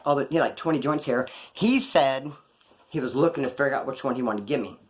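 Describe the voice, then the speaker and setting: A mid-range male voice moving fast tells casual, slang-filled stories from prison to camera. The speaker, from California, is animated and performs the dialogue of the people involved.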